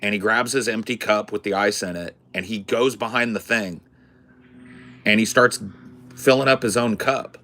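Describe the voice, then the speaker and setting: A man telling a story in a casual, animated, profane way as a podcast host. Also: fairly low pitch, normal speed. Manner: animated, profane, swears freely.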